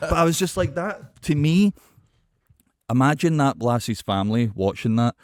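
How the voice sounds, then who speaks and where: A man's voice: mid-range voice, moderate pace, dry recording, clean studio sound. Sweary Scottish man telling a story. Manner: animated storytelling, sweary, lots of "right?" and "man". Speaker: podcast co-host. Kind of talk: casual chat.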